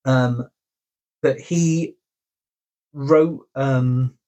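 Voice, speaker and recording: A man's voice: medium pitch, steady tone, drawn-out words, warm tone, muffled recording. A man co-hosting a podcast in casual chat, telling stories with a dry, wry manner. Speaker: podcast co-host.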